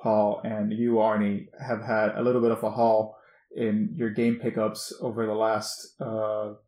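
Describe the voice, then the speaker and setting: A man hosting a podcast, asking halting questions to prompt the others in casual chat. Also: fairly low pitch, completely flat delivery, roomy sound, lo-fi sound.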